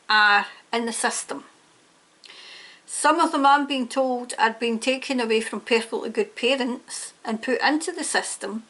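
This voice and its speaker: Brief: woman tarot reader, high bright pitch, emphatic and fired-up, ranting monologue. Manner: emphatic, indignant, prone to ranting. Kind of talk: tarot reading monologue to camera.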